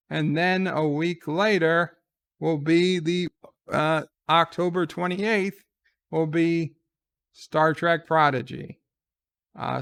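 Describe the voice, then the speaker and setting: A man's voice: a little high, gravelly, fairly bright tone, clean tone. A man giving casual reaction commentary on a trailer, sarcastic and exasperated as he gripes. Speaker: trailer reviewer.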